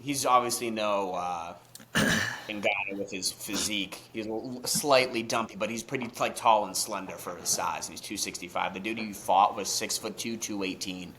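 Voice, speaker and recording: A young man co-hosting a podcast in casual chat, excitable and swearing freely, rambling through restarts. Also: on the low side, normal speed, a little hiss or hum. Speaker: podcast co-host.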